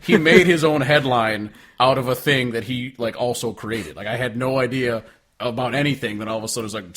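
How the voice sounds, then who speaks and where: A man in casual podcast chat, his voice sitting at an ordinary middle pitch. He talks sarcastically, leans on filler words and swears freely. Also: brisk, a bit bright. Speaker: podcast co-host.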